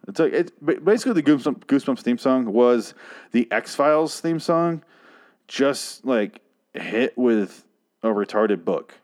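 A man's voice: medium pitch, expressive, unhurried, darkish tone. A man casually recapping a TV episode, ranting angrily and profanely, often restarting his sentences. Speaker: TV episode reviewer.

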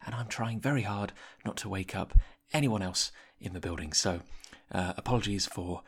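Whispering raspy man. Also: lowish voice, normal speed. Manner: hushed whisper, rambling with many fillers. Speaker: podcast host. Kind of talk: whispered solo interlude. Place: editing suite, early morning.

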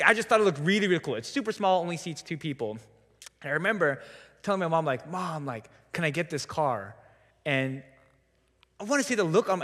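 A young adult man giving a sermon in a church, telling a story in a relaxed, conversational way with self-deprecating humor. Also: fairly high pitch, long reverb tail. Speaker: preacher. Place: church sanctuary.

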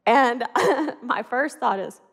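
A middle-aged woman preaching a sermon in an animated, conversational way, acting out the voices in her stories. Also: on the high side, slow pace, gravelly, husky, in a large hall.

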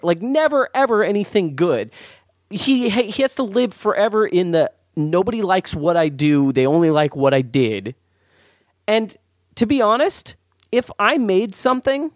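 A man hosting a casual podcast chat, animated and rambling, quick to laugh and swear. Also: on the high side, no room sound, studio quality. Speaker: podcast host.

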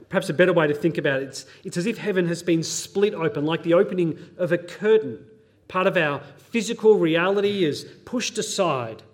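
A man preaching a sermon, teaching earnestly, reading scripture aloud and adding light pop-culture asides. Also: a little high. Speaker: pastor.

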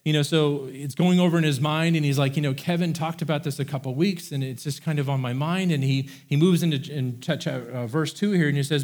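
A middle-aged man preaching a sermon as pastor, talking in a relaxed, conversational way and retelling scripture in everyday words. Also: fairly high pitch, fairly quick, few pauses. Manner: conversational, paraphrases scripture in a casual voice.

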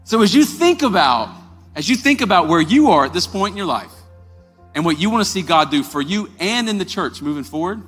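A man preaching a sermon as pastor, conversational and calling the congregation y'all, with his voice climbing high and emphatic as he retells stories. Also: fairly quick, slightly rough. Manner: rising to an excited, emphatic pitch when retelling stories. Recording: long hall reverb with faint music.

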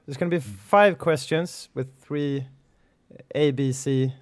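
A man with a Swedish accent co-hosting a podcast in casual chat, talking haltingly with many restarts and frequent laughs. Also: mid-range voice. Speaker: podcast co-host.

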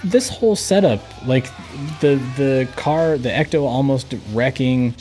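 A man's voice: medium pitch, expressive, a little slow, a little mellow, soft background music. A man co-hosting a podcast in casual chat, hesitant and filled with ums. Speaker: podcast co-host.

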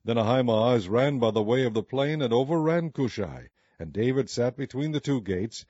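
A man reading scripture aloud in a measured, deliberate manner. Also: medium pitch, mellow, no room sound. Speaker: scripture reader. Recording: slightly muffled recording with faint music.

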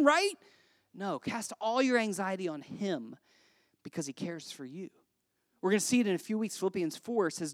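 Lady pastor preaching casual and jokey, lots of "right?" and "doesn't it?", goes quiet and low on the verses, dry sound. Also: no echo. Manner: conversational and joking, full of rhetorical tag questions. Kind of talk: sermon.

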